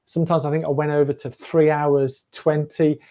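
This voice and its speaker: A man's voice: on the high side, little pitch movement, moderate pace, mellow. A man hosting a running livestream, rambling and chatty with frequent laughs. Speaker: running channel host. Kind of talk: casual livestream chat.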